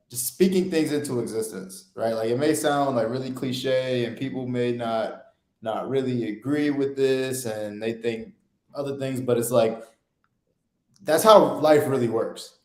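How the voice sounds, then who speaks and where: Young man explaining in an echoey room. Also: mid-range voice. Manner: loose, filler-heavy, keeps asking "right?". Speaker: podcast co-host. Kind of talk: casual explaining chat.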